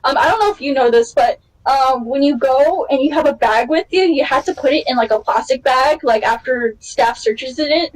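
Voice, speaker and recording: A woman hosting a podcast, telling a travel story in casual chat and acting out what people said. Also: low-quality recording. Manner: excitable storyteller, acts out quotes with big pitch jumps. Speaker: podcast host.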